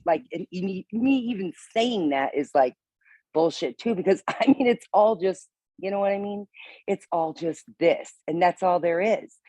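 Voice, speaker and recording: Woman, participant: mellow voice, halting rambling talk with swearing and laughs, dry video-call sound. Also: on the low side, no room sound, rough recording. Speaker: meeting participant. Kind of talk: casual sharing, rambling.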